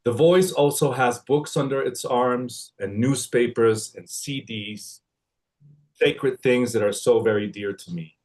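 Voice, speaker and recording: A man from Mexico joining by livestream to read a written tribute, hesitant at first, then steady and poetic. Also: mid-range voice, a little slow. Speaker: family friend giving a tribute. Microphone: livestream connection.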